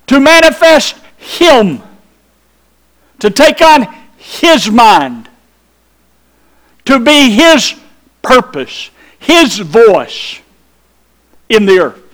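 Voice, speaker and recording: A man's voice: very high-pitched, big pitch swings, extremely slow, long pauses, fairly bright tone. A pastor preaching a sermon, emphatic and drawn out, putting questions to his congregation.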